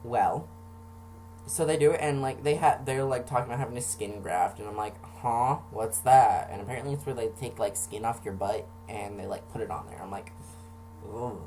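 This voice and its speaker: A man casually telling a personal story for a vlog, sarcastic and animated, acting out the voices of the people in it. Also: medium pitch, normal speed, a little hiss or hum.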